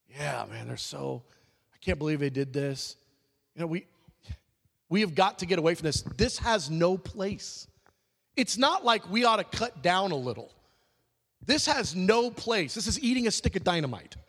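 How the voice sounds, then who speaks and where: Pastor guy preaching, high voice, jumps all over the place pitch-wise, big echoey hall. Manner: animated preaching, swings into loud high-pitched emphasis. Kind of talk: sermon.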